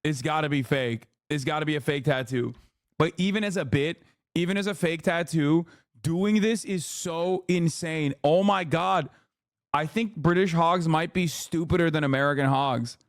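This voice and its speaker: Brief: male streamer, heated and profane, reacts to chat, slightly high voice. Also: moderate pace, no room sound, studio quality. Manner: heated, ranting, swears often; reads chat aloud and answers it. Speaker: streamer host. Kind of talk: live political commentary.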